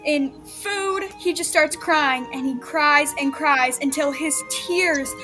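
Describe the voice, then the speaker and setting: Very high, bright-voiced woman improvising. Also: slow, soft background music. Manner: dramatic, expressive narration. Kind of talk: improvised comic storytelling. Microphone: video call.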